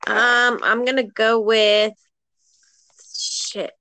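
A woman's voice: on the high side, normal speed, fairly bright tone. A woman playing a casual guessing game at home, easygoing and joking with her partner. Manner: easygoing, playful. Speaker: contestant.

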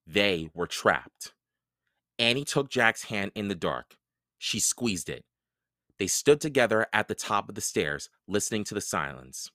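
A man reading a children's book aloud, narrating in a slow, expressive storytelling way. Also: on the low side, dry recording, studio quality.

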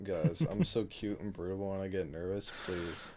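A man's voice: low-pitched, big pitch swings, normal speed, gravelly, dark tone, a little hiss or hum. A young man hosting a casual chat, crude and joking, often laughing. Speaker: podcast host.

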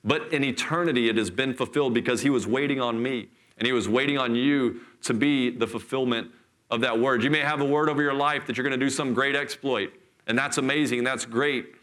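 A middle-aged man preaching a sermon in church, telling a scripture story with lively, acted-out voices. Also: mid-range voice, brisk. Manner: animated storytelling, acts out voices. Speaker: pastor.

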